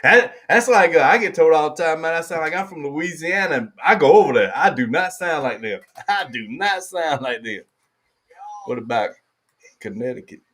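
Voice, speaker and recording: A relaxed man with a Southern US accent talks loosely on a live stream, a little high in pitch for a man. He laughs easily and circles back over his own phrases as he hosts the chat. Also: normal speed. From American South. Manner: laid-back, chatty, laughs often, repeats phrases. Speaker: host.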